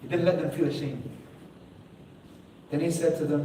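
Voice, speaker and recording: A man giving a Ramadan sermon as an expressive storyteller who lifts his voice for emphasis. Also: fairly high pitch, normal speed, pauses often, a little hiss or hum. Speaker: Islamic lecturer. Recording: echoey hall, voice from far off.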